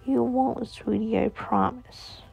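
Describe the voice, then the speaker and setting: A woman voicing a loving young mother who comforts her child in a soft, often whispered voice. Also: a little high, steady tone, slow, vocal fry, slightly rough, heavily acted. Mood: tender. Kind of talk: storytelling role-play.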